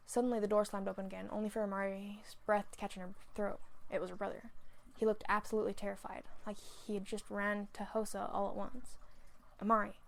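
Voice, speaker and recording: Young woman reading fan fiction; monotone, gravelly narration. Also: medium pitch. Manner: flat reading with small slips.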